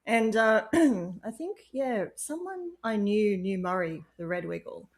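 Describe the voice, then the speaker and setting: A woman's voice: mid-range voice, expressive, slow. Chatty giggly woman from Australia. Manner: chatty, giggly, loose rambling. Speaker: podcast guest. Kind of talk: casual podcast chat.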